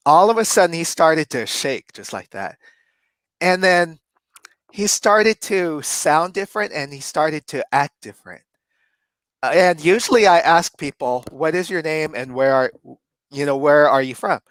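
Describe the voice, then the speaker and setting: Animated man telling a story, fairly high voice. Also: measured pace, no echo. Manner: animated, laughs often while telling. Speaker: co-host. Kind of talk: casual storytelling chat.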